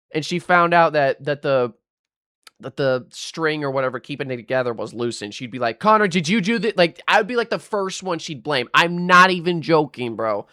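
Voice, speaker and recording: A man's voice: fairly high pitch, pushed and bright, smooth, no echo, clean studio sound. A young man telling a rambling, aggrieved storytime rant while gaming, swearing and restarting his sentences often. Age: young adult. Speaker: gaming vlogger.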